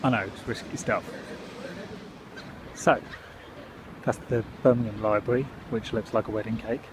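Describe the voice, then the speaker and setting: A man's voice: fairly low pitch, steady tone, moderate pace, noisy background. Chatty young man vlogging on the move. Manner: chatty, self-mocking, walking while filming. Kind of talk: casual vlog commentary. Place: indoors and city streets.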